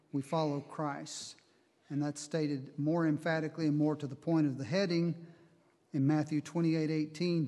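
A man's voice: on the high side, darkish tone. Preacher man in a reverberant hall. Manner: measured Bible reading and teaching, slow on quoted verses. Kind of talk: sermon.

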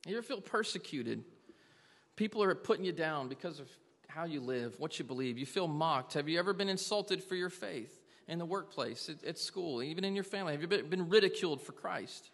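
A man's voice: on the high side, lively intonation, brisk, a bit bright, big-room sound. A man preaching a sermon to a congregation, earnestly asking them question after question. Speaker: pastor.

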